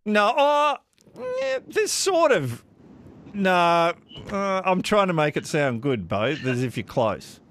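A man's voice: high voice, takes it slowly, soft background music. A man hosting a casual radio quiz with callers, joking and laughing easily. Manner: animated, jokey, laughs easily. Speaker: radio host.

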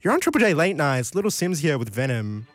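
A man's voice: a little high, big pitch swings, fairly quick. Rambling giggly radio host, man. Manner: rambling, giggly, jumps into tangents. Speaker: late-night radio host. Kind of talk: casual radio chat reading listener texts. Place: radio studio. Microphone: studio microphone.

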